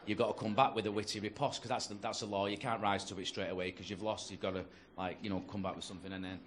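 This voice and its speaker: A man's voice: lowish voice, level tone, quick pace, crowd noise. A man with a Northern English accent doing a stand-up routine on a comedy club stage, telling sweary, conversational stories into a handheld mic. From North-West England. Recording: noisy live club recording. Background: audience laughter.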